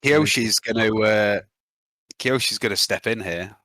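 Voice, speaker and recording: A man's voice: fairly low pitch, a little slow, pushed and bright, no echo. A man playing a tabletop game, mildly suggesting plans. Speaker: player.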